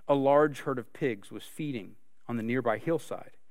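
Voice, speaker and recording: A man's voice: mid-range voice, moderate pace, a little mellow, no room sound, clean studio sound. A man preaching a sermon, earnest and full of rhetorical questions. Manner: earnest, asks rhetorical questions, many restarts. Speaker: pastor.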